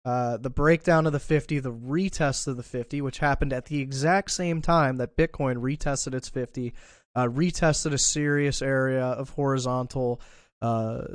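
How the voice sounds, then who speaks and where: A crypto trading streamer thinks aloud during live market analysis, casual and full of fillers and restarts, while fighting a bout of hiccups. His voice is medium in pitch, and the recording is dry.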